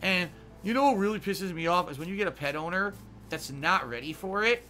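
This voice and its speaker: A man talking casually over a game stream, his voice higher than most men's and pushed hard with a tense, forceful edge. He swears freely and rants in emphatic bursts. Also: a little fast, soft background music. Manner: profane, ranting; emphatic, heated. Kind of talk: casual gameplay chat.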